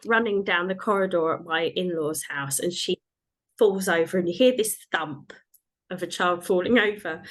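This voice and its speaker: A woman's voice: medium pitch, a bit bright. A woman in her thirties hosting a podcast, chatting casually and laughing often as she tells family stories. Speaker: podcast host. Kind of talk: casual chat.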